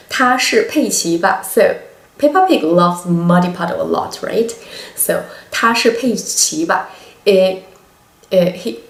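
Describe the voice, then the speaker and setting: A woman with a Chinese accent teaching a language lesson, explaining slowly with many pauses and hesitations. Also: medium pitch, creaky, echoey room.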